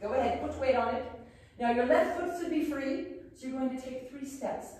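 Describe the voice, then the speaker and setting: This woman's voice sits high, with a darkish tone and normal speed. In costume as a genteel academy headmistress, she instructs a class in manners during an in-character living-history lesson, prim and formal yet playfully humorous. A far camera picks her up in a large echoey room with the class, her voice distant from the mic.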